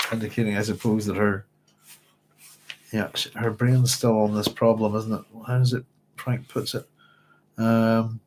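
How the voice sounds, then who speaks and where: A man's voice: fairly low pitch, darkish tone, slight background noise, low-quality recording. A man hosting a livestreamed book discussion who rambles hesitantly, with many fillers, while speaking with a dry, strained throat. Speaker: book club host.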